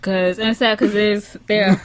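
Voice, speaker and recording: A woman in a casual podcast chat, speaking at an everyday middle pitch. She is laid-back, tossing in quick exclamations and soft laughs as she makes her point. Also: little pitch movement, a little hiss or hum. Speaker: podcast co-host.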